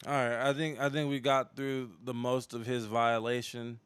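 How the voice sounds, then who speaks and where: A man hosting a livestream show, giving casual commentary in a relaxed, hesitant way with many restarts. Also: mid-range voice, moderate pace, smooth, no room sound.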